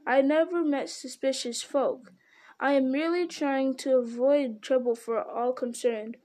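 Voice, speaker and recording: Woman reading as a fussy, businesslike hobbit gentleman. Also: sits high, fairly even intonation, unhurried. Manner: prim businesslike politeness. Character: fussy polite male hobbit, small and businesslike.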